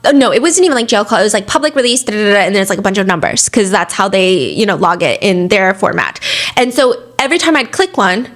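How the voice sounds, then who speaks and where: A woman's voice: medium pitch, lively intonation, fast talker, fairly bright tone. A woman hosting a podcast, telling a true crime story in a chatty, dramatic way. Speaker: podcast host.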